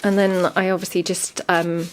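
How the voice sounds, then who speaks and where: A relaxed woman chats through her craft project, pausing with easygoing ums. Her voice sits low. There is a faint hiss in the background. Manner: chatty, relaxed, frequent ums. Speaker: crafter showing a handmade junk journal. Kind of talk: casual show-and-tell narration.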